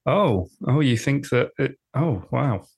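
A man co-hosting a podcast in casual chat, rambling, repeating himself and quick to joke. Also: medium pitch, animated, vocal fry, breathy edge. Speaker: podcast co-host.

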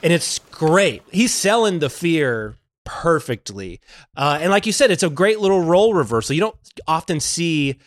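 A man's voice: on the high side, sing-song, normal speed, a little hiss or hum. A man co-hosting a podcast, casually retelling a film's plot and swearing freely as he goes. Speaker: podcast co-host. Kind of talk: casual movie recap chat.

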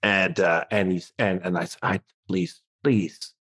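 In a casual chat, the Newfoundland comedian recounts a tale at normal speed, his voice sitting low. He performs the characters' voices with animated energy.

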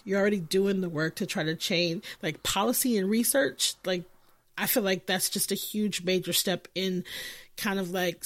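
Animated, laughing woman host. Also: on the low side. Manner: animated, laughs often, swears freely. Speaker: podcast host interviewing guests. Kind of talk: casual chat.

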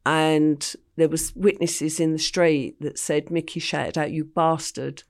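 A woman's voice: deep voice, level tone, unhurried, a little mellow. An older English woman, an interview guest, telling her story vividly and acting out the voices she quotes. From England.

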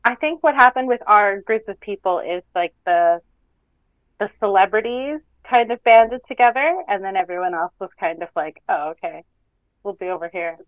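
A woman's voice: mid-range voice, animated, normal speed, dry recording. A woman from Canada, a reality show contestant, chatting casually in a podcast interview, rambling and laughing often. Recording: dull lo-fi call audio.

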